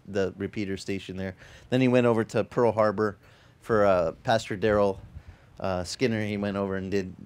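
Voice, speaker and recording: A middle-aged man preaching as a pastor, telling stories casually with frequent restarts and swelling into emphatic encouragement. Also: lowish voice. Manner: conversational storytelling, many restarts, rising to emphatic exhortation. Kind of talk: sermon. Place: outdoor beach service.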